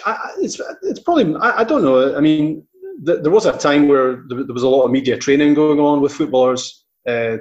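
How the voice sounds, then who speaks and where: Casting: a middle-aged Scottish football commentator as an interview guest, anecdotal and rambling, full of restarts, on slightly dull, lo-fi audio. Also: male voice, medium pitch. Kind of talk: casual interview chat.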